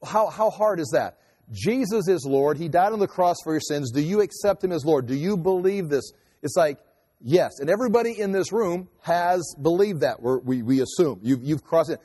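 A man preaching a sermon in a conversational, animated way with quick asides. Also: on the high side, husky. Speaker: pastor. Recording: long hall reverb.

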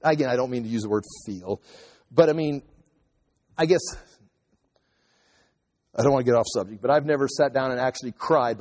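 A man's voice: mid-range voice, darkish tone, big-room sound. A man preaching a sermon in a loose, conversational way, often restarting and acting out what people say to themselves. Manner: conversational, repeats and restarts, acts out inner voices. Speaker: pastor.

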